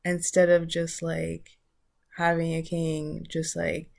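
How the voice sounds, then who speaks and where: A woman's voice: low voice, monotone, slow pace, creaky, a little mellow. A woman vlogger giving a casual spiritual talk, loose and searching as she thinks aloud.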